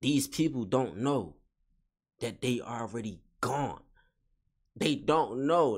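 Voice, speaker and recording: A man giving a spiritual motivational monologue in casual slangy talk, repeating and restating each phrase with emphasis. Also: mid-range voice. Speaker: vlogger.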